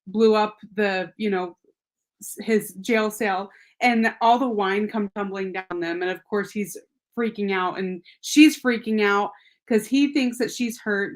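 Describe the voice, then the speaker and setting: A woman hosting a casual book discussion, often agreeing and adding her own thoughts. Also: medium pitch. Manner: supportive listener, frequent agreeing sounds. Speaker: book club host.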